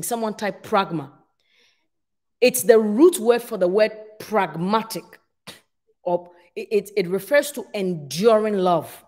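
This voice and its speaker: A middle-aged woman pastor preaching a sermon to her congregation, telling stories and acting out her own past complaints with lively animation. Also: mid-range voice. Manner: speaks to a congregation, asks for responses.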